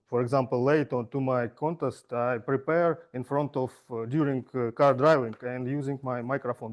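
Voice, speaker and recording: A man giving an impromptu speech in halting, broken English at a speaking club. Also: mid-range voice, a little mellow. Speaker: club member answering an impromptu question.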